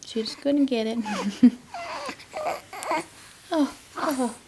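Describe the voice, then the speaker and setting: A woman's voice: fairly high pitch, extremely slow, background noise. A woman talking baby talk to her infant in a cooing, sing-song way.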